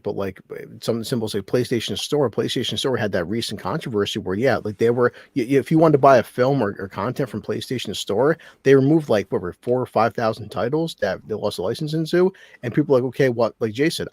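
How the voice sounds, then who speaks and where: A man co-hosting a casual chat show, talking quickly and rambling with plenty of swearing. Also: medium pitch, expressive, darkish tone, slightly rough, dry recording, studio quality. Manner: fast, rambling, profane. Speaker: podcast co-host.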